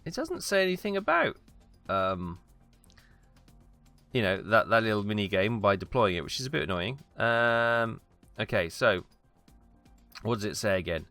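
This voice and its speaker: A man's voice: on the low side, very animated, normal speed, sharp tone, no echo, soft background music. A man hosting a let's-play gaming video, talking casually and hesitantly, with lots of ums as he plays.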